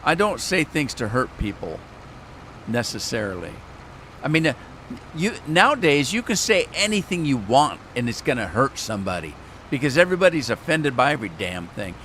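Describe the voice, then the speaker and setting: A man's voice: medium pitch, big pitch swings, moderate pace, a bit bright, a little hiss or hum. A man streaming a farming game, chatting casually and telling rambling stories with chuckles. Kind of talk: casual gameplay commentary.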